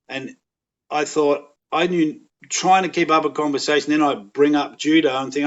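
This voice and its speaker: A middle-aged Australian man telling rambling, animated anecdotes in a casual chat, with voiced quotes. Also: medium pitch, moderate pace, lo-fi sound. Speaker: podcast guest, actor.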